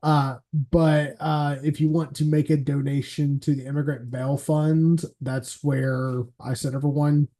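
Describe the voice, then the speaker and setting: A man's voice: on the high side, little pitch movement, measured pace, few pauses, warm tone. A man hosting a stream, chatting casually in a laid-back way, swearing and laughing often. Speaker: show host.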